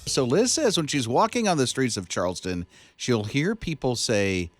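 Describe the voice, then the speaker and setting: A man hosting a morning radio show, tossing in quick, expressive reactions. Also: medium pitch, over music. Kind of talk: casual radio chat.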